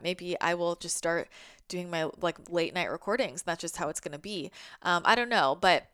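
A woman's voice: on the low side, a bit bright, smooth, no echo, clean studio sound. A young adult woman talking casually and reflectively as a spiritual channel, rambling with lots of fillers, heartfelt and sometimes swearing. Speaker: spiritual channel, podcast host.

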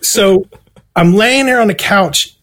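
A man with a notably high-pitched speaking voice tells a rambling story with heavy swearing. He slips into loud, excited impressions of himself and others as he goes. It sounds like a relaxed guest chat. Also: slow pace. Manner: profane, animated, acts out his own quotes. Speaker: guest musician. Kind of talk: casual storytelling.

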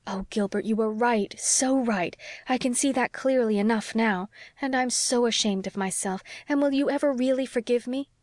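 A woman reading the part of an excitable young wife, eager and breathless. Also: normal speed, few pauses, no echo, clean studio sound, natural voice. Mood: excited. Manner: breathless, excited, rising pitch.

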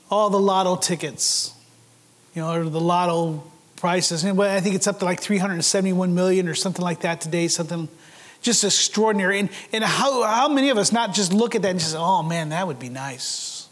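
High-voiced man preaching in a reverberant hall. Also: steady tone, normal speed. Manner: earnest preaching with rhetorical questions to the congregation. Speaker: pastor. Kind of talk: sermon. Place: church sanctuary.

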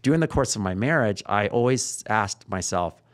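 A man's voice: fairly low pitch, lively intonation, normal speed. A middle-aged man, a podcast guest, telling long rambling stories in casual talk and acting out what people said. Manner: rambling storyteller who acts out dialogue.

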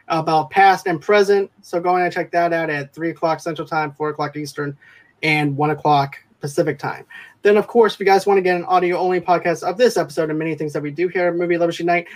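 A man's voice: a little high, steady tone, fast. Male podcast host, casual and rambling. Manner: rambling, repeats "and everything".

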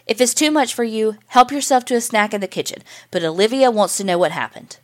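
A woman voicing a gruff, snappish older man who rasps as he speaks. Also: deep voice, normal speed, close to an everyday voice. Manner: rasping, curt.

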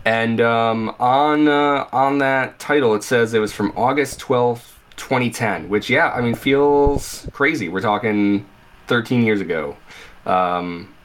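Young male podcast co-host, lively storyteller, plain middle-pitched voice. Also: takes it slowly. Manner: animated storytelling, acting out remembered reactions. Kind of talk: casual podcast chat.

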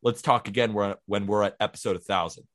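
A man's voice: fairly low pitch, steady tone, fast talker, a bit bright. A man in his twenties co-hosting a podcast, talking in an eager, heartfelt way. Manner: enthusiastic, heartfelt. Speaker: podcast co-host. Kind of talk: casual chat.

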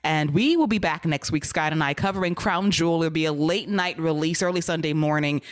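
A woman hosting a casual wrestling recap podcast, talking quickly and bluntly and laughing often. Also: deep voice, no room sound. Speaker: podcast host.

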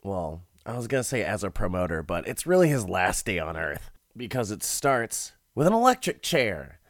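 A man's voice: on the low side, sing-song, moderate pace, dry recording, studio quality. A man casually recapping a movie, laughing often, swearing freely and rambling.

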